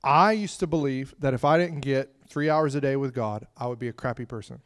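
Animated preacher man telling stories. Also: medium pitch, fairly quick. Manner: animated storytelling, swings from loud to hushed; conversational, laughing asides. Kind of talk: sermon.

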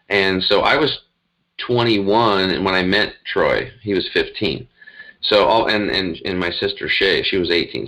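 A man's voice: deep voice, fairly bright tone, poor audio. A middle-aged man, a health coach, telling his story in a rambling, earnest way, with many fillers and restarts. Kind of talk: casual interview storytelling.

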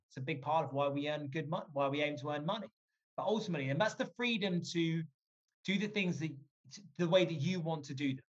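Joking man telling a story, lo-fi. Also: a little high. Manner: lively, joking, swears casually. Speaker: guest. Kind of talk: casual storytelling.

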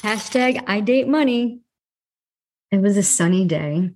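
A woman's voice: mid-range voice, unhurried, a little hiss or hum. A woman hosting a podcast, telling a personal story and acting out the dialogue with emphasis. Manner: lively retelling with quoted dialogue. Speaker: podcast host.

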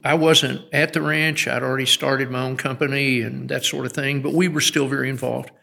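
Gravelly middle-aged man telling stories. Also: medium pitch, level tone, a little fast, bright, forceful tone. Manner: earnest storyteller with frequent restarts. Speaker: guest educator and speaker. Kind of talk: conversational interview. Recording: long hall reverb.

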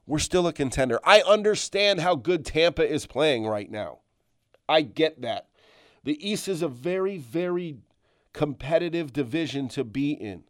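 A middle-aged man hosting his own podcast, ranting casually and emphatically, repeating himself and swearing as he tells fans to calm down. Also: on the high side, a little slow, dry recording, studio quality. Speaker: podcast host. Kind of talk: solo sports rant.

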